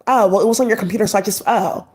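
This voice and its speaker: A woman's voice: mid-range voice, rapid-fire, a little mellow. A woman talking straight to her viewers in a rambling monologue, agitated and swearing often.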